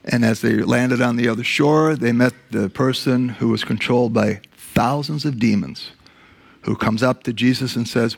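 A man's voice: vocal fry, breathy edge. A man preaching a sermon, telling scripture stories and dropping his voice for the quoted lines. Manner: storytelling, acts out quotes in a lowered voice; slows down to stress key words. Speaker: pastor.

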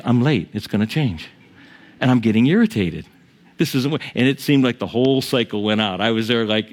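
The pastor, a man, gives his sermon conversationally, quizzing the congregation and cracking jokes. His voice climbs high for key points and sinks low for asides.

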